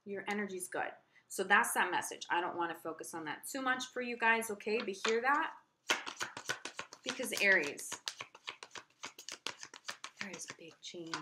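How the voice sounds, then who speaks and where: A woman's voice: fairly low pitch, noisy background. A woman giving a casual, earnest tarot horoscope reading, reassuring and repeating herself. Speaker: tarot reader.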